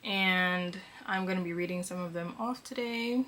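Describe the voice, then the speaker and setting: A young woman from Connecticut, chatting casually as she answers viewer questions for her vlog, relaxed and filled with ums. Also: lowish voice, normal speed, a little hiss or hum. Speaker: vlogger. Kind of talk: casual Q&A chat.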